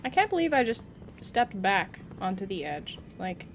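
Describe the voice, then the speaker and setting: A young woman streams a game with live commentary, playfully chatting to her viewers and teasing the on-screen character. Her medium-pitched voice swings widely in pitch at a normal speed, with background noise present.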